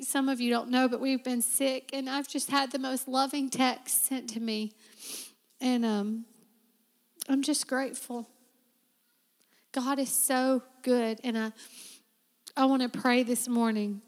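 A woman preacher giving a heartfelt sermon and prayer in a church, with a repetitive preaching cadence. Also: a little high. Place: church sanctuary. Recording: long reverb of a church hall.

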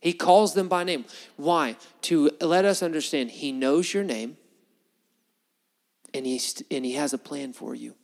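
A man's voice: unhurried, long reverb tail. A man preaching a sermon, retelling Bible stories and acting out the dialogue in changing voices. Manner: storytelling, acts out biblical dialogue with shifting pitch.

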